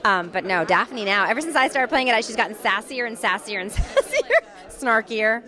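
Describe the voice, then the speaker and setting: Bubbly woman with a lively voice. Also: fairly high pitch, moderate pace, faint music behind, some chatter behind. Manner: bubbly, chatty, laughs often. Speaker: voice actress, interview guest. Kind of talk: casual interview chat.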